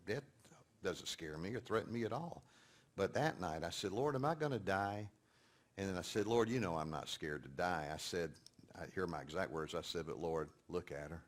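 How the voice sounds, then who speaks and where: Man, sermon-style teaching, very lively pitch, storytelling, hushed then emphatic. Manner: storytelling, swings from quiet hushed to loud emphatic. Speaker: speaker teaching a session.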